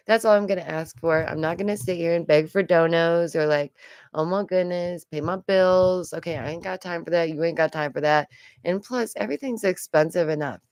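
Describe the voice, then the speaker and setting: Young woman rambling through a reaction vlog, low voice, smooth and dry. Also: no echo. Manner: chatty, rambling, with frequent asides and laughs. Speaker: commentary vlogger. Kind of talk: casual reaction commentary.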